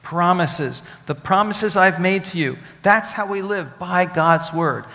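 Preacher, male, somewhat high voice, emphatic and repetitive, questions the flock; long hall reverb. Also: a little slow, sharp tone. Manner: teaching with Hebrew words, asks the congregation questions; emphatic, repeats key phrases. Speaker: rabbi. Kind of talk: sermon.

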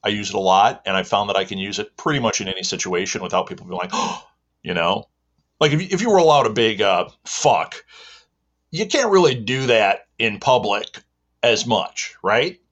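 A man being interviewed, animated and joking as he explains himself. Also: lowish voice, normal speed. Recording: slightly dull lo-fi sound.

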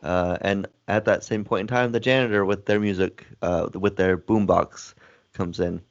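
A man's voice: deep voice, steady tone, moderate pace, highs cut off. A man co-hosting a casual movie recap chat, easygoing, adding scene details. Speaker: podcast co-host.

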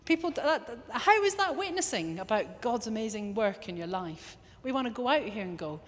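A woman's voice: on the high side, normal speed, hardly any pauses. Woman preaching in a reverberant hall. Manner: lively, acts out little quoted voices. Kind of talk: sermon.

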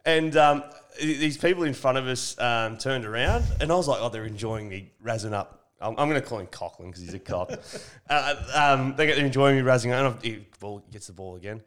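A man's voice: mid-range voice, a little fast, hardly any pauses, a bit bright. A man hosting a casual chat, teasing and laughing as he tells loose stories full of slang. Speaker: podcast host. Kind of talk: casual banter.

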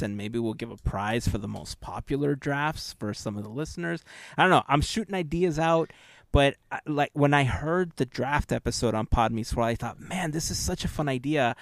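An eager man co-hosts a casual podcast, pitching ideas as he thinks aloud with plenty of fillers. His voice sits at an ordinary middle pitch. The recording is dry and close. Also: dry recording. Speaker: podcast co-host.

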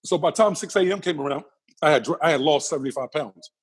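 A man being interviewed, telling a personal story with lively energy and acting out the other people's lines. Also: fairly high pitch, fast, breathy edge. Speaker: interview guest.

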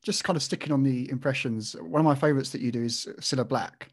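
Interview host, quick eager delivery, mid pitch. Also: slightly rough. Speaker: podcast host. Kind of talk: casual interview.

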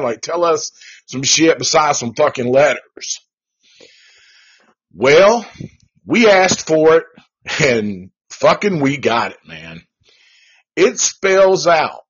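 A man hosting a podcast, telling a ghost story in a casual, profane and animated way. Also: mid-range voice, breathy edge. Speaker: podcast host. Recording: dull lo-fi recording.

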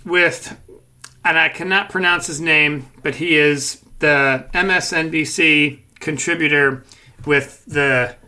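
Guy with a really bright tense voice, kinda high, tripping over words. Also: steady tone, slow pace, clear, resonant tone. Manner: hesitant, stumbling over words. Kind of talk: casual chat.

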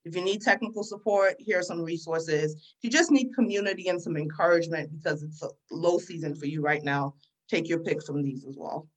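A woman's voice: sits low, fairly quick, low-quality recording. A woman guesting on an interview podcast, speaking in a reflective, encouraging way about her work. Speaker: guest entrepreneur.

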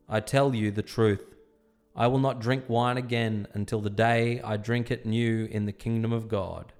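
Male scripture reader, measured storytelling delivery, faint instrumental music underneath. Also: medium pitch. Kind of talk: dramatized scripture reading.

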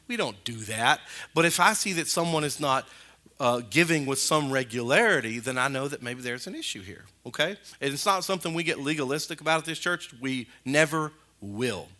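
A male pastor preaching a sermon in a church, animated and colloquial, rising and falling in pitch and loudness. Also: fairly quick. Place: church sanctuary.

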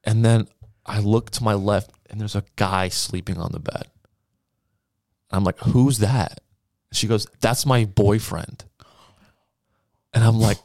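Animated young man telling stories. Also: on the low side, measured pace, long pauses, no room sound, clean studio sound. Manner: animated, swearing, acts out quotes. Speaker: podcast co-host. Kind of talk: casual storytelling.

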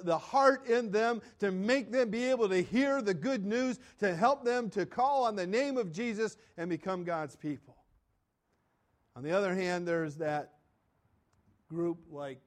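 A pastor with a voice that sits high preaches conversationally, posing questions and answering them himself. He often trails off quietly at the ends of phrases.

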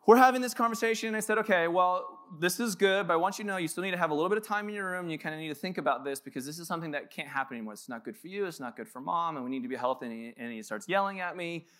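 High-voiced man giving a casual sermon. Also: very fast, few pauses, fairly bright tone. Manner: casual, joking storyteller. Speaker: pastor. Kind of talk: conversational sermon. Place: church sanctuary.

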